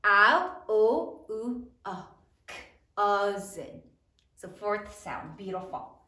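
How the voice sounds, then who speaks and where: Slow lively-voiced woman teacher, echoey room. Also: medium pitch. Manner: slow, sounds out each letter and syllable; praises often, asks questions to students. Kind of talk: spelling lesson for third graders.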